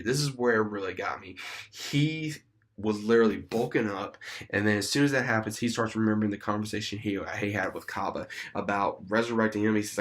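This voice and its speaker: A young man casually retelling an episode in a rambling, excited way as a YouTube reviewer. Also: lowish voice.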